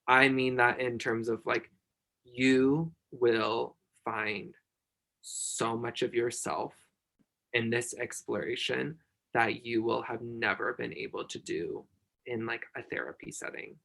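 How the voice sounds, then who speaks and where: A man talks in a casual podcast chat, pouring out emphatic encouragement. His voice is bright and forceful, sitting at an ordinary pitch for a man. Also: flat delivery, slow pace, creaky. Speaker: podcast guest.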